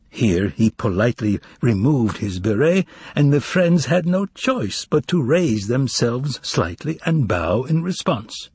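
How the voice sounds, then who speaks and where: Husky guy reading a novel aloud, lots of ups and downs, dry close mic. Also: mid-range voice, big pitch swings, moderate pace, hardly any pauses, a little mellow, no room sound. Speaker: audiobook narrator. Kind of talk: scripted narration.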